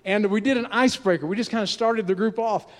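A pastor in his sixties telling a story in a sermon, in animated, conversational delivery with frequent restarts, in a church sanctuary. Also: high voice, fast talker. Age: 60s. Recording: long reverb of a large hall.

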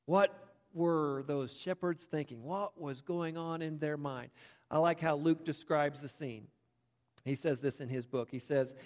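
High-voiced preacher in a reverberant hall. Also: male voice. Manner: storytelling, animated, conversational asides. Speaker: pastor. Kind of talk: sermon.

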